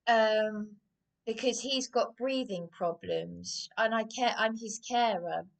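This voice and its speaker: A woman's voice: on the high side, takes it slowly, creaky. A woman posting an angry, stumbling rant on her own channel, repeating herself as she accuses people directly. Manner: accusatory, repetitive, stumbling over words. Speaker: YouTuber.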